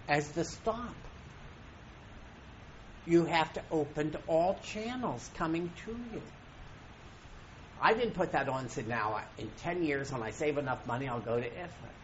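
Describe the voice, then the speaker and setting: A man giving an inspirational talk to an audience, emphatic and preacherly, swinging between loud and soft. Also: on the high side, highs cut off, a little hiss or hum. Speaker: spiritual teacher.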